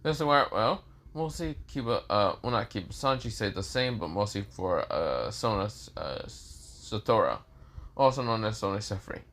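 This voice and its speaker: A man's voice: fairly low pitch, animated, moderate pace, fairly bright tone. A man narrating a fan story off the cuff, rambling with lots of fillers and self-corrections.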